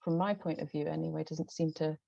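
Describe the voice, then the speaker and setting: With a low, gravelly, dark voice and a steady tone, this novelist guest from Northern England talks briskly about her books over a video call, in a Northern English accent. The chat is conversational but hesitant and full of ums and restarts. There's no room sound, though the call audio is dull and lo-fi.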